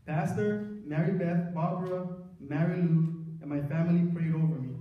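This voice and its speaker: A middle-aged man giving an earnest personal testimony to a church congregation, telling his story with dramatic pauses. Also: a little high, muffled recording. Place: large church sanctuary. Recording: very echoey church, mic far off.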